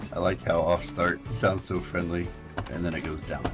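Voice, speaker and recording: A man, an online teammate, making crude jokes in a deadpan way over voice chat. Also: low voice, measured pace, music in the background. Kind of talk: casual gameplay chat.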